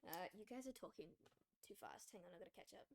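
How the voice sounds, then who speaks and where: A woman's voice: fairly low pitch, lively intonation, fast talker, darkish tone, a little hiss or hum. Chatty woman streaming a game. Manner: chatty, laughs often, talks back to chat. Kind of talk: casual chat while gaming.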